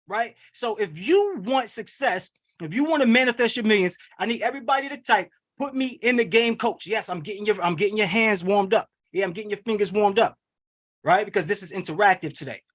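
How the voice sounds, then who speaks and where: A man with a high, bright-pitched voice rattles off motivational lines at a fast clip. He runs an online webinar like a pep rally, energetic and preachy, pushing his audience to answer back over a video call. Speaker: wealth coach hosting a webinar. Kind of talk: hype motivational webinar coaching.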